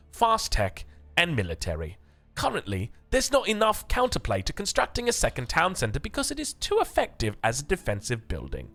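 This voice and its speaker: A man's voice: a little high, fairly bright tone, pitched above the performer's own voice, heavily acted. A man putting on an English accent to read out developer notes in a formal, exaggerated way. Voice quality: exaggerated, growing more English as he reads. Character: adult man reading developer notes aloud, proper English voice.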